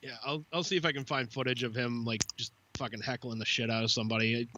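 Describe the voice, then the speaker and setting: A man's voice: mid-range voice, steady tone, fast talker, bright, forceful tone, highs cut off, slight background noise. A man co-hosting a casual podcast, telling a long anecdote full of swearing and quoted asides. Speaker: podcast co-host.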